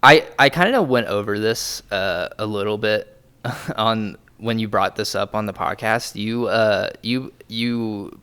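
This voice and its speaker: A man's voice: on the low side, a little slow, fairly bright tone, clear, resonant tone. A man co-hosting a podcast in casual chat, teasing his friend and swearing freely. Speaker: podcast co-host.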